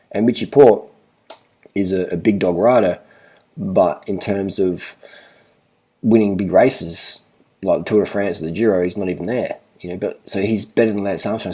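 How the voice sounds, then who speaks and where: A man's voice: sits low, warm tone, breathy edge. A man gives casual commentary over race footage in a blunt, profane way, repeating himself for emphasis. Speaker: cycling vlogger.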